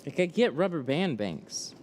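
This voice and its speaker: A man's voice: fairly high pitch, sing-song, a little slow, a little mellow, slight background noise. A man who runs a window tint shop, joking in casual banter and then quoting prices to a customer over the phone. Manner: joking and self-mocking in banter, plain and businesslike on the phone. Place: tint workshop.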